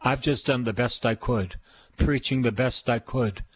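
A man's voice: medium pitch, measured pace, husky, no room sound. An older man with a Boston accent, preaching a radio sermon in an emphatic, repetitive style. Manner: repetitive, emphatic preaching with call-and-response praise.

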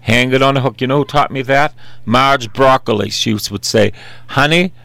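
A man's voice: mid-range voice, steady tone, normal speed, vocal fry, fairly bright tone, dry recording. A man in his sixties preaching a sermon in an earnest, conversational way, repeating simple refrains.

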